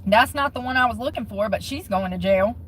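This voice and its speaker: A woman's voice: on the high side, brisk, a little hiss or hum, poor audio. A woman giving casual commentary on the news in a blunt, profane, mocking way. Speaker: commentary vlogger.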